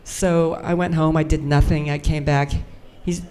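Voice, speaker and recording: Speaking at normal speed in a low, smooth, dark voice with a level tone, an older woman shares stories as a convention panel guest. She's chatty and pokes fun at herself, with a live audience watching from the floor.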